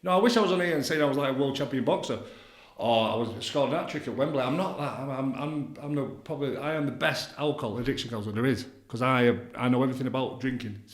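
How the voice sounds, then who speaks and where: Fast-talking blunt man, roomy sound. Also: medium pitch. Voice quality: blunt, repetitive, leans on tag questions. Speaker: addiction counsellor guest. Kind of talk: casual podcast interview. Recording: roomy echoey room.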